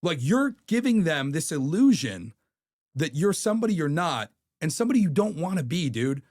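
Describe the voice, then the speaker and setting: A man's voice: a little high, big pitch swings, normal speed, darkish tone. A man in his thirties, a podcast guest telling stories in a candid, profane way. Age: 30s. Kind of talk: casual chat.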